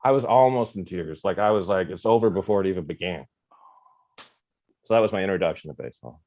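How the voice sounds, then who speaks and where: A man, a guest on a podcast, telling self-deprecating stories in a lively, casual way. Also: sits low, fast talker. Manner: animated, self-deprecating anecdotes with quoted dialogue. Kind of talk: casual storytelling.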